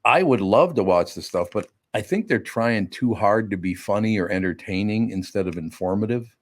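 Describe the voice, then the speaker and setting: An older man hosting a podcast, chatting bluntly and telling animated stories with a bit of salty language. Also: fairly low pitch, normal speed. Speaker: podcast host. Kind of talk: casual studio chat.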